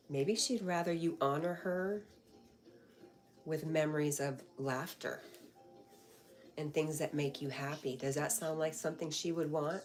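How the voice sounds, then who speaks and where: A woman's voice: low-pitched, a little mellow. A woman hosting a casual livestream, chatting, reading viewer comments aloud and cooing to her dog. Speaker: livestream host.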